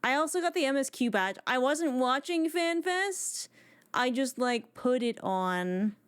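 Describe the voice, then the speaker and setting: A woman's voice: high-pitched, lively intonation, unhurried, fairly bright tone, smooth. A woman live streaming from home on a desk microphone, chatting casually with her viewers and greeting them one by one.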